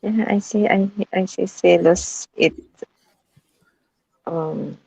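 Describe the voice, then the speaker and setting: Female stream host, chatty and giggly, slow husky gravelly delivery, dry lo-fi audio. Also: fairly low pitch, a little mellow, dry recording. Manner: chatty, giggly, mixes in Filipino words. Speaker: host of a live open chat. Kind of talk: casual live-stream chat.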